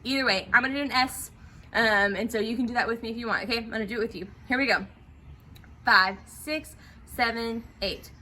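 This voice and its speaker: Her high-leaning voice is sharp and rapid-fire, with fairly even intonation. She's a woman taking theatre students through guided breathing exercises, encouraging them and checking in often with "okay?"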